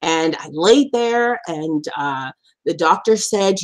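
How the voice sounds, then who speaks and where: A woman who is a survivor advocate and live stream host recounts a personal experience with frequent laughter, performing quotes with sharp jumps in pitch. She then slows and softens whenever the story turns serious.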